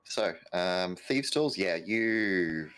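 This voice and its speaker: Slow, low-voiced male game master. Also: expressive, a bit bright, smooth, poor audio. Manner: halting, many fillers. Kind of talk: tabletop game narration.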